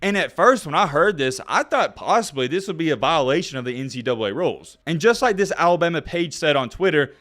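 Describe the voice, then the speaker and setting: An excitable young man talks straight to his viewers in a high, lively voice that leaps around his range. He keeps bursting into shouts, then pulls himself back down to a calmer, explaining tone. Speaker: college football YouTuber. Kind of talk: excited vlog commentary.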